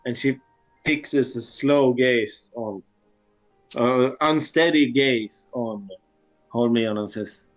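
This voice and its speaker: Brief: male tabletop player, slow, unhurried narration with faint music behind. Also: medium pitch, low-quality recording. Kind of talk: narrating his character's actions.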